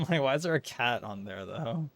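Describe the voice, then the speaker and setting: A man's voice: medium pitch, animated, moderate pace, vocal fry, a bit bright. A young man livestreaming a speedrun, chatting casually in a rambling way, full of fillers and chuckling asides. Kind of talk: casual chat while speedrunning. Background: game music.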